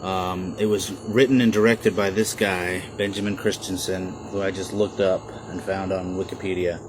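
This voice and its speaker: Guy in his 30s vlogging at home, low voice, lots of ums and restarts, faint background hum. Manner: rambling, with many fillers and restarts. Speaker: vlogger documenting his inherited house. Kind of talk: casual home video diary.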